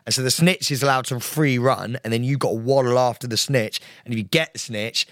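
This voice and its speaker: Brief: playful podcast co-host, excitable, mid-pitched, dry studio sound. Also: male voice, a little fast, no echo. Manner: excitable, playful, talks in run-on explanations. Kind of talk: casual banter.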